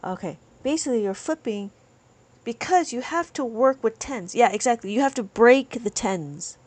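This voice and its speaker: A woman's voice: fairly high pitch, expressive, normal speed, a little mellow. A woman teaching abacus on a live stream, chatting with viewers and reading their comments aloud.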